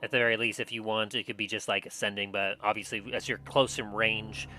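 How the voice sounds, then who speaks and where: A man's voice: lowish voice, brisk, background noise. Laid-back young male game master. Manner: relaxed, hesitant, many fillers. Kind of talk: narrating a tabletop game. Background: music.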